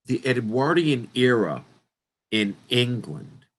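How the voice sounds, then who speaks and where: A man's voice: mid-range voice, very animated, slow, fairly bright tone. A man presenting an informal lecture, talking in an emphatic, rambling way and interrupting himself often.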